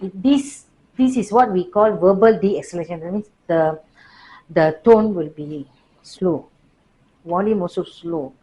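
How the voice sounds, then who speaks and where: A woman teaching a workplace class, lively but slowing for deliberate emphasis. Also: on the low side, slight background noise, low-quality recording. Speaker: workplace trainer. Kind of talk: classroom lecture.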